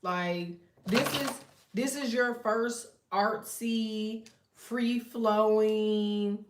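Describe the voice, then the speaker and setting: A woman's voice: a little high, steady tone, extremely slow, a little hiss or hum. A woman giving a casual tarot reading, talking bluntly with lots of slang and profanity. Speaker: tarot reader. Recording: roomy echo, distant from mic.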